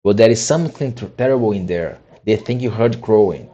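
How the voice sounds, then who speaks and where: A man's voice: fairly low pitch, lively intonation, fairly quick, mellow, muffled recording, close to an everyday voice. A man reading the lines of a frightened adult male pirate sailor who speaks in a hollow, gibbering way, in a storybook reading.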